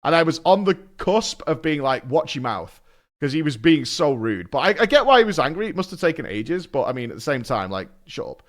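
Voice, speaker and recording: A man streaming, telling stories in a casual, animated way, swearing and laughing often. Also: on the high side, brisk, hardly any pauses. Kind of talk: casual chat.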